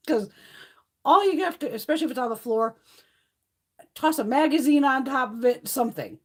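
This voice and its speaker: A middle-aged woman hosts a beauty livestream, chatting casually with live viewers and telling stories full of swearing and laughter. Her voice sits high and husky, at a measured pace with long pauses.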